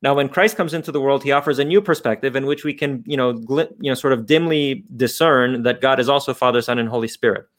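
A man's voice: medium pitch, fast talker, hardly any pauses. A man explaining philosophical ideas off the cuff as a guest, thinking aloud with frequent restarts and fillers.

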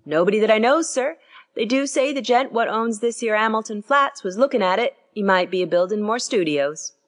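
A woman's voice: lively intonation, brisk, close to an everyday voice. A woman reading aloud and voicing a young Cockney bellboy who peppers his speech with "sir". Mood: earnest. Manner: dropped grammar, constant "sir", higher pitch.

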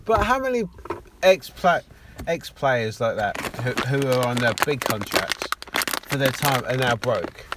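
Brief: young English male co-host, casual sweary banter, stumbles over his words, mid pitch. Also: expressive, unhurried, very noisy. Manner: sweary, stammering restarts. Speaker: podcast co-host. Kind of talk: casual chat.

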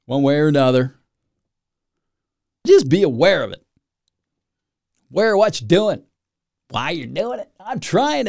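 A man's voice: high voice, gravelly, dry recording, clean studio sound. A man hosting a solo podcast, rambling and self-mocking with dramatic asides. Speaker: podcast host.

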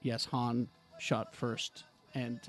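A man's voice: medium pitch, level tone, very slow, faint music behind. A man hosting a casual podcast chat about films, steering the talk and swearing freely. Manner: leads the segments, swears casually. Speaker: podcast host.

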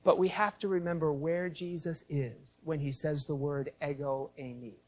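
Male pastor, fairly high voice, teacherly sermon, explains and quizzes the congregation. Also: normal speed. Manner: teacherly, explains the Greek and asks the congregation questions. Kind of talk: expository sermon.

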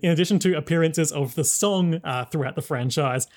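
A man's voice: on the high side, fairly quick, darkish tone. A man co-hosting a casual podcast, recapping an episode in a rambling way with lots of fillers. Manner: rambling, explains with many fillers. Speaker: podcast co-host.

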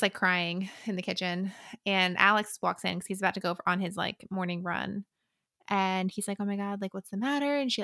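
A young woman, co-hosting a podcast and chatting casually, full of fillers and quick laughs, recapping a novel. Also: mid-range voice, fairly bright tone, no echo, studio quality. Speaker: podcast co-host. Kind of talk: casual book-recap chat.

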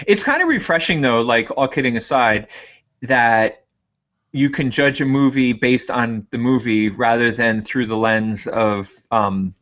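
A man co-hosting a podcast, chatting casually and telling jokey, animated stories. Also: mid-range voice, unhurried, highs cut off. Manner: joking, animated storyteller. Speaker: podcast co-host. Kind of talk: casual chat.

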